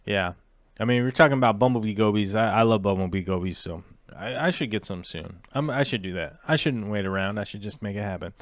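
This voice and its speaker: A man's voice: lowish voice, a little fast, dry recording. A man hosting a casual aquarium livestream, chatting loosely with many fillers and restarts.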